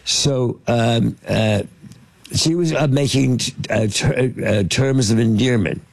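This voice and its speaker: A man's voice: medium pitch, slow, gravelly, dry recording. An older man, a film producer, telling anecdotes in an interview with many fillers and restarts. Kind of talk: storytelling anecdotes in conversation.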